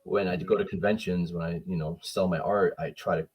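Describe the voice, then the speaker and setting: A man with a low, husky voice speaks as a guest, his talk earnest and heartfelt. He tells his story at an easy conversational pace, full of feeling. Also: steady tone, a little fast, a little mellow, poor audio. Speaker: guest, firefighter and art teacher. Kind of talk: casual video-call chat.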